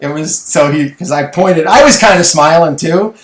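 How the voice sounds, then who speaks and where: Middle-aged guy on a podcast telling a story, gets animated, kinda echoey room. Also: a little high, moderate pace. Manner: animated storyteller, acts out voices in anecdotes. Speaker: podcast co-host. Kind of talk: casual chat.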